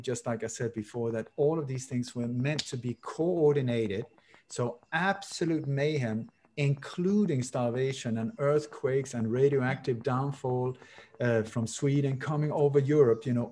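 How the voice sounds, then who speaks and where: A man's voice: mid-range voice, darkish tone. Emphatic, sarcastic man guest. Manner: emphatic, sarcastic, repeats words for effect. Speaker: interview guest. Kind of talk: animated storytelling in an interview.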